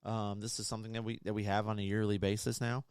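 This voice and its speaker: Easygoing, halting man on a beer podcast. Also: fairly low pitch, little pitch movement, a little mellow, smooth, dry recording, studio quality. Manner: easygoing, halting, many restarts. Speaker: podcast co-host. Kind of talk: casual beer podcast chat.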